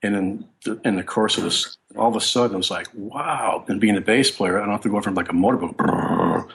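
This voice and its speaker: A man with a very low, deep voice talks through his memories as an interview guest. He rambles from one anecdote to the next, stopping and restarting his sentences as he goes. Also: steady tone, quick pace, a bit bright. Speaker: guest bassist. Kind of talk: casual interview storytelling.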